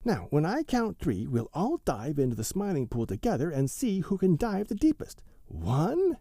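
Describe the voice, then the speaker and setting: Guy putting on a high squeaky young mink, loud and bouncy, storybook style. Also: very animated, moderate pace, dry recording, clean studio sound. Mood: eager. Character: lively young male mink, cheerful and bossy.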